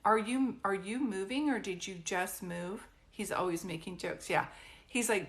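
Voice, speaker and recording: A woman's voice: medium pitch, animated, measured pace. A woman doing a psychic reading on a live stream, chatty and reassuring, with many fillers and restarts. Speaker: psychic medium.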